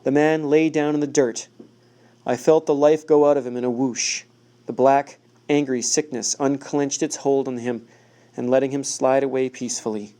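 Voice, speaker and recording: Mellow male audiobook narrator. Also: medium pitch, fairly even intonation, normal speed. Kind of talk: first-person novel narration.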